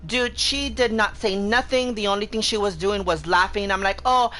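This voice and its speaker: A woman's voice: mid-range voice, a bit bright. A woman streamer telling a story in casual chat, profane and heated, quoting herself over and over. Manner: profane, heated retelling of an argument; fast, repetitive quoting with "I'm like". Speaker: game streamer.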